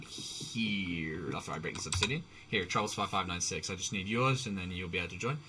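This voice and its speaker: While playing a game on a live stream, a man chats in a rambling, casual way, restarting sentences, swearing and laughing. His voice is medium-pitched, with background noise in the recording.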